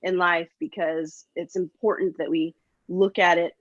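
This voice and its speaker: A middle-aged woman talks in a casual motivational chat with a fairly low voice. She is upbeat and encouraging, with lots of ums and likes. The sound is dry and a little muffled. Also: little pitch movement, measured pace, no echo. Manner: upbeat, encouraging, many fillers. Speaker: co-host.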